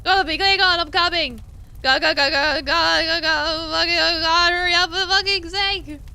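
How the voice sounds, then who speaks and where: A woman voicing a panicked young hero trapped in a burning building, shouting and sobbing in desperation. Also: high voice, moderate pace, no echo. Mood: frantic. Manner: frantic, shouting and sobbing in despair.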